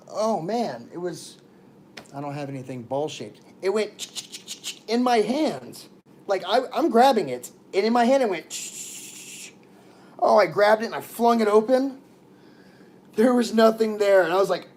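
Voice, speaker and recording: A man tells rambling stories on his livestream, talking straight to his viewers. His voice sits a little high for a man, and he keeps breaking off mid-thought to start over. A faint hiss runs under the recording. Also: a little mellow. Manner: rambling, chatty, self-interrupting, talks to viewers. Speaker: live streamer. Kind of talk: casual livestream storytelling.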